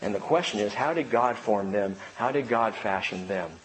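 A middle-aged male pastor preaching a sermon with animated delivery, acting out the voices of children and parents. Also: fairly low pitch, normal speed. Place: church sanctuary. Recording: long reverb in a large hall, faint background ambience.

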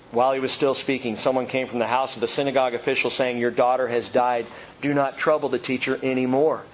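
A man in his thirties, a pastor preaching an expository sermon, reading scripture aloud and then explaining it. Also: medium pitch. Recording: dull lo-fi sound with faint noise.

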